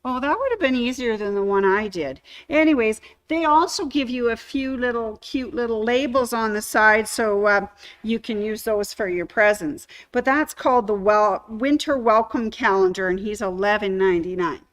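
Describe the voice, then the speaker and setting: A woman hosting a sewing shop livestream, chatting casually and giving shout-outs to viewers. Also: a little high, moderate pace. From Canada.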